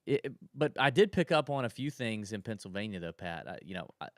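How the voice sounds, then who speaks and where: A man's voice: fairly low pitch, lively intonation, fast talker, no room sound, clean studio sound. Chatty, rambling male podcast host. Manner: chatty, rambling storyteller with restarts. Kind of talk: casual chat.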